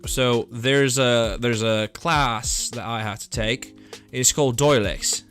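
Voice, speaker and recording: Young man, game streamer, rambling casual chat, upbeat, mid-pitched voice, faint music behind. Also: steady tone, takes it slowly, fairly bright tone. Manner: rambling, upbeat, thinks aloud while playing. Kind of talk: casual live gameplay chat. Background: faint background music.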